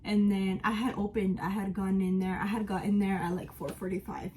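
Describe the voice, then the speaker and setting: Talking to camera as she gets ready at home, a woman in her twenties candidly tells her life story in an emphatic, casual way. Her mid-range voice is brisk and darkish with a flat delivery. There's slight background noise in the low-quality recording.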